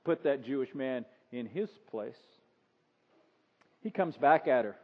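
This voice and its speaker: A pastor delivers a sermon conversationally, acting out the story by doing different voices. His medium-pitched voice is unhurried with lively intonation, and the recording sounds dull with a long reverb.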